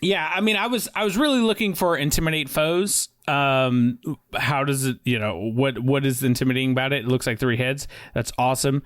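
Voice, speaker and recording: A man running a casual podcast quiz as the teacher, halting and full of uhs and restarts. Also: medium pitch, fairly bright tone, dry recording.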